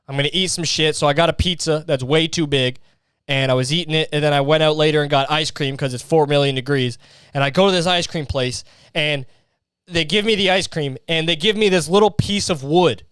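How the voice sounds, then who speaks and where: Sweating through a heatwave in his hot bedroom, a young man hosts a solo comedy podcast, ranting profanely and acting out voices. His voice is a little high, brisk, smooth, and fairly bright, recorded as clean studio sound with no echo.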